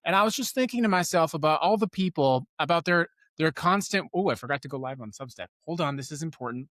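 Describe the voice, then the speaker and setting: A man's voice: fairly high pitch, lively intonation, quick pace, a bit bright, no room sound, clean studio sound. A man hosting a live news commentary show, riffing sarcastically and breaking off his own sentences. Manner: sarcastic, riffing, self-interrupting. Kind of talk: rambling political commentary.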